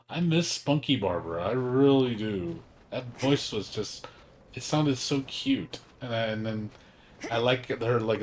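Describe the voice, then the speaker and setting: A man's voice: fairly low pitch, slight background noise. A young man chatting casually on a game livestream, rambling with lots of fillers, emphatic and swearing now and then. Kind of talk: casual gaming stream chat.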